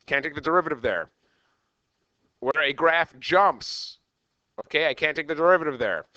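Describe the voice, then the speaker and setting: A man running a math lesson in an animated, bouncing voice that sits a little high and rings bright. He keeps checking in with "okay" as he goes. The sound is dry and a bit dull, like a lo-fi recording. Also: moderate pace, no echo. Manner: animated, repeats "okay" often. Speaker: math teacher. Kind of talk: classroom lecture.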